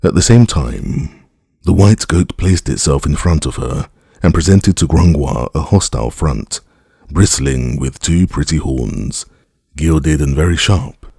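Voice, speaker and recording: A man narrates a classic novel in a very deep, gravelly voice. His reading is measured and expressive, with a dark, husky tone. The recording is dry and close, with no room sound. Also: dry recording. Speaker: audiobook narrator. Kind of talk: scripted audiobook narration.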